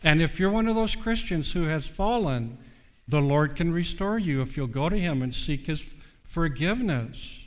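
A man delivers a sermon in a slightly high voice, earnest and measured, leaning on slow pauses to stress his points. His words trail off into a long, ringing reverb. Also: animated. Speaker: preacher.

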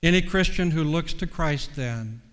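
A man delivers a sermon in a slightly high voice, earnest and measured, leaning on slow pauses to stress his points. His words trail off into a long, ringing reverb. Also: lively intonation, fairly bright tone, clear, resonant tone. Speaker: preacher.

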